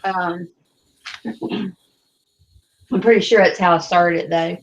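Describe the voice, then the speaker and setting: A woman's voice: fairly low pitch, fairly even intonation, slow, lo-fi sound, slight background noise. A woman in a casual group chat, laughing at herself as she explains what she did. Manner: giggly, self-deprecating.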